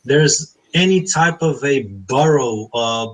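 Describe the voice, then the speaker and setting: A man's voice: mid-range voice, slow, poor audio. A man playing a tabletop role-playing game in casual chat, hesitant and full of fillers as he decides what to do. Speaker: player.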